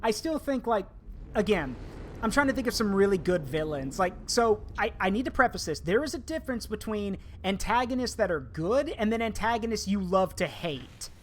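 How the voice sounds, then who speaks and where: Rambling gamer host, mid pitch. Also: expressive, moderate pace, slight background noise. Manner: rambling, repeats points, talks about game villains at length. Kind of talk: casual gaming chat.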